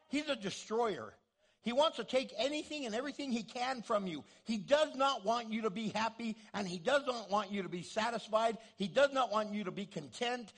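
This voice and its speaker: A man pastor preaching a sermon in an animated way, acting out the voices he quotes. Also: high voice, husky.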